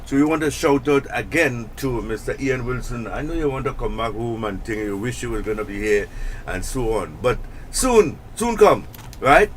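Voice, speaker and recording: A man's voice: medium pitch, expressive, normal speed. Tobago guy on the radio, chatty, jokes around, bit of hiss. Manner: chatty, jokey, loose with restarts. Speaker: radio host. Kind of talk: casual radio banter. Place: radio studio.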